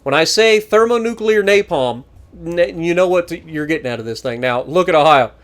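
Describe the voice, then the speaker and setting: A man narrating his own gameplay with a joking, teasing manner. His voice sits a touch high and swings widely in pitch. He sounds lively and entertained throughout. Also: fairly quick. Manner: animated, joking, teasing opponents. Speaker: gaming channel host. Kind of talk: gameplay commentary.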